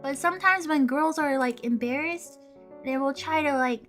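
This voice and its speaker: Bright, high-voiced young woman telling a story. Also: moderate pace, soft background music. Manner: animated, laughs often, acts out quotes. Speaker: streamer. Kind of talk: casual storytelling chat.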